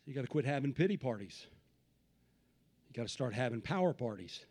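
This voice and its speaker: A man preaching a Pentecostal sermon, swinging from low asides to shouted peaks and repeating phrases in a rhythmic build. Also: animated, fairly quick. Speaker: pastor.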